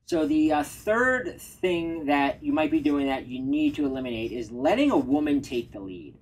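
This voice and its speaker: Husky-voiced male dating coach. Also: a little high, sing-song, normal speed, low-quality recording. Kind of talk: casual coaching conversation.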